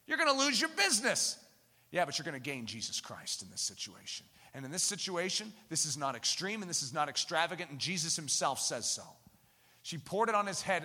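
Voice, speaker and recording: A man preaching a sermon, telling stories with animated acting and reading scripture aloud. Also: sits high. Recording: long hall reverb.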